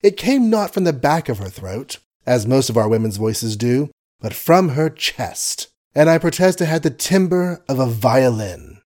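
Male audiobook narrator; measured, wry reading of period prose. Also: medium pitch, big pitch swings, a little mellow. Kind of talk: scripted narration.

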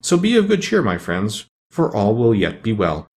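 A man's voice: lowish voice, wildly swooping pitch, normal speed, a little mellow. A man voicing a cowardly male lion who blusters and pleads in a storybook reading. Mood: boastful. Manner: boastful, pleading.

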